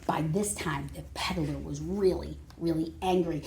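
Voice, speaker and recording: A librarian reading a picture book aloud to children, expressive, with dramatic gasps and prompts for the kids. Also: female voice, mid-range voice, moderate pace, hardly any pauses. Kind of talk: storytime read-aloud for children.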